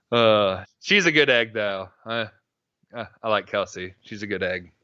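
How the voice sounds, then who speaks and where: A young man with a bright, crisp voice, telling loose, meandering stories on a casual podcast and swearing freely. The recording is dry and a little dull, with a lo-fi edge. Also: on the low side, lively intonation, unhurried, no echo. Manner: rambling storyteller, swears freely, many fillers. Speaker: podcast co-host.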